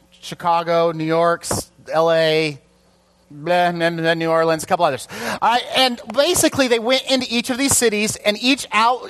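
A man's voice: high-pitched, fairly bright tone. A middle-aged man preaching a conversational sermon, chatty and casual, often asking the congregation questions. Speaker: pastor.

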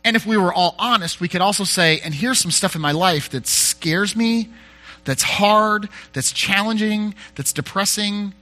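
Guy pastor talking thru a sermon, bright tense voice, keeps restarting sentences, kinda self-deprecating. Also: high-pitched, unhurried, soft background music. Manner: conversational, frequent restarts and self-corrections.

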